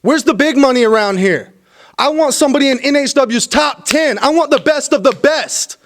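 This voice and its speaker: Boastful high-voiced male wrestler. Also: lively intonation, normal speed. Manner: boastful, dismissive complaining. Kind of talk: wrestling promo.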